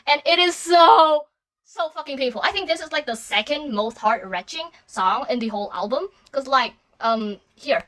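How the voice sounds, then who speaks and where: A woman's voice: a little high, lively intonation, moderate pace, few pauses, bright, forceful tone. A young woman in a small room at home, gushing and swearing as she breaks down song lyrics, sometimes bursting into screams. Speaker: podcast host.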